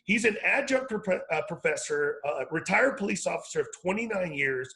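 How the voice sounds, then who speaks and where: A man's voice: high voice, animated, normal speed, sharp tone, poor audio. A man in his forties, an educator and founder, telling stories in a rambling way and often correcting himself on a video call. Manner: rambling, self-correcting storyteller. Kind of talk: casual video call conversation.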